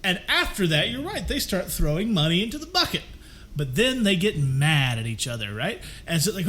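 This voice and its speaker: A man riffing in a casual podcast chat, his voice sitting high and swooping all over as he rants. He keeps breaking into mock voices to mimic the people he is complaining about. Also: normal speed. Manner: animated ranting, acts out characters in funny voices. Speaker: podcast co-host. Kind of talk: casual movie-review chat.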